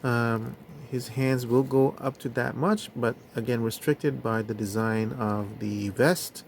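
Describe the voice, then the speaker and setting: A man's voice: mid-range voice, steady tone, creaky, a little hiss or hum. A man casually reviewing action figures, talking in a hesitant way with many fillers. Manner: slow, hesitant, lots of fillers. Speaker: toy reviewer.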